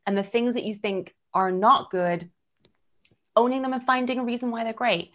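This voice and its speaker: A woman's voice: fairly high pitch, moderate pace. A woman in her thirties hosting an online workshop over a video call, talking candidly and animatedly. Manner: candid, animated, acts out quoted voices. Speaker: workshop host.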